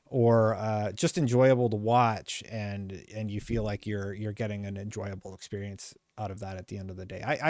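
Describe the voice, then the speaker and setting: A middle-aged man with a low voice hosts a relaxed podcast conversation. He speaks earnestly and lively, with frequent fillers and restarts. The sound is close and dry, with no room echo. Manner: earnest, animated, trails off into fillers. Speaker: podcast host. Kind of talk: casual chat.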